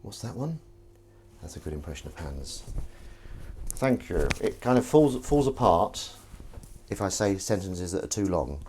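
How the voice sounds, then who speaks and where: A man's voice: low-pitched, very animated, measured pace, long pauses, darkish tone, slight background noise. A man chatting casually on a live stream, rambling and joking at himself. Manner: rambling, jokey, self-mocking.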